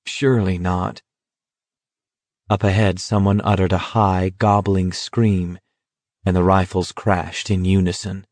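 A man reading a novel aloud in a measured, even storytelling manner. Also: low-pitched, no room sound. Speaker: narrator. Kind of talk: audiobook narration.

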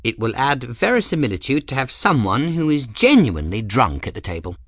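A man voicing an eccentric, pompous old male scholar-mage in a storybook, lofty and theatrical, with big leaps in pitch. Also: sing-song, fairly quick, no echo, clean studio sound. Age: older.

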